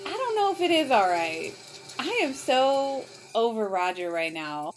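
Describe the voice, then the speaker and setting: A woman reacts to a TV episode in casual commentary, talking back to the screen. Her voice sits high and swings widely. She speaks at an unhurried, drawn-out pace, and the show's music plays clearly behind her. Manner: expressive, exclaiming, talks back to the screen. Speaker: reaction video host. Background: TV episode audio playing.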